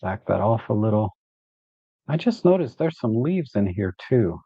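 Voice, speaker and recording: A man's voice: fairly low pitch, normal speed, slightly rough, no echo, highs cut off. Man thinking aloud through photo edits. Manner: relaxed, thinks aloud while working. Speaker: photo editing host. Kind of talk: live editing walkthrough.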